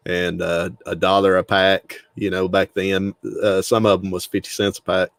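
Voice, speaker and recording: Middle-aged Tennessee man, low Southern drawl, relaxed storyteller, dry sound. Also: moderate pace, no room sound. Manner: easygoing storyteller who laughs a lot. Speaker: guest. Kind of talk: casual interview talk.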